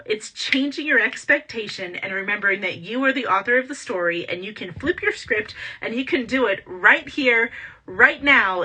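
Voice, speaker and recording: Woman host, bright tone, slightly husky, energetic motivational talk. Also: fairly high pitch. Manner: energetic, repetitive, rhetorical questions. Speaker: podcast host and entrepreneur coach.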